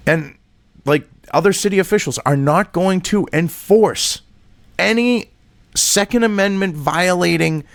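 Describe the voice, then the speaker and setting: Heated, lively-voiced man ranting. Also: a little high, creaky, no room sound. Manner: heated, profane and sarcastic; reads an article aloud and rebuts it. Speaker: political commentator. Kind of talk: ranting commentary vlog.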